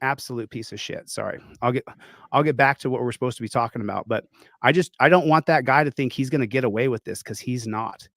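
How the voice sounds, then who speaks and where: A man's voice: mid-range voice, fast talker, a bit bright, no room sound. A man ranting indignantly on a stream, accusing and threatening someone. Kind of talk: angry live-stream rant.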